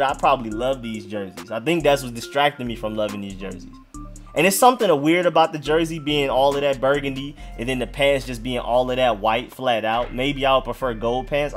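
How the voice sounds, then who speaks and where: A man hosting his own sports video, giving casual, slangy commentary and thinking aloud with hedges and restarts. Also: medium pitch. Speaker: sports fan video host.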